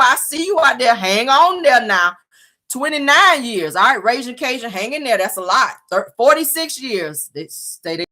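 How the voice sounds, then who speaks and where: A woman hosting a livestream, giving blunt, sassy advice and reading viewer comments in casual chat. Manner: animated pitch jumps for emphasis. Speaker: livestream host.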